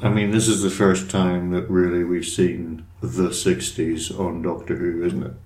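Really deep voiced guy on a podcast, stumbles and repeats himself, dry sarcastic humor. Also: little pitch movement, unhurried, a little mellow. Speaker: podcast co-host. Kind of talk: casual chat.

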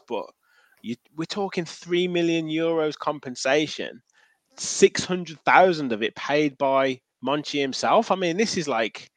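A man co-hosting a relaxed football chat podcast, easygoing and quick to laugh. He is recorded close and dry, with no room sound. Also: mid-range voice, no echo. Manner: easygoing, laughs often, trails off with fillers. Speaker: podcast co-host.

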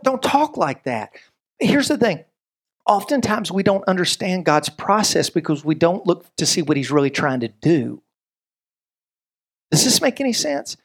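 A man giving a sermon as a pastor. He tells stories with lively humor and often drifts into asides. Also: sits high, slightly rough. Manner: lively, joking storyteller with frequent asides.

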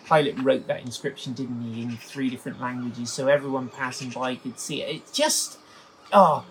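Male Bible teacher, mid-pitched, emotional and exclaiming, reads passages and reflects on them aloud. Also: normal speed, a bit bright, a little hiss or hum, low-quality recording. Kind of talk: scripture reading with commentary.

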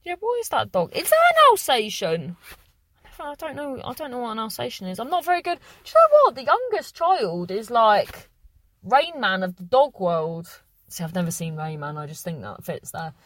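A woman's voice: a little high, big pitch swings, moderate pace. A young woman hosting a podcast, chatting casually and reading out listener messages, rambling and correcting herself. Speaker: podcast host.

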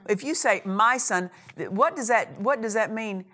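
A woman preaching a sermon, leaning on key phrases and slowing down to read scripture. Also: fairly high pitch, expressive, fairly bright tone. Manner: emphatic, repeats key phrases, slows on scripture.

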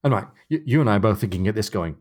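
A man with a fairly low voice chats about a novel on a podcast. He walks through the plot and reads the characters' lines aloud. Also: expressive, rapid-fire, darkish tone. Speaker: podcast co-host. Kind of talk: book discussion chat.

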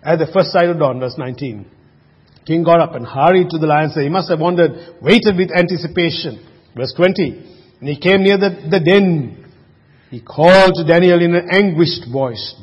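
A man preaching a sermon in an earnest way, full of rhetorical questions and restarts. His voice sits a little high and sounds husky. It rings out with a long reverb, on a muffled recording. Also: unhurried.

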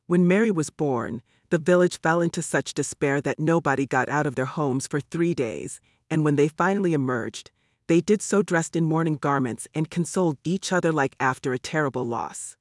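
Male narrator, slightly high, dry close sound, measured storytelling. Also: dry recording. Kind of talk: audiobook narration.

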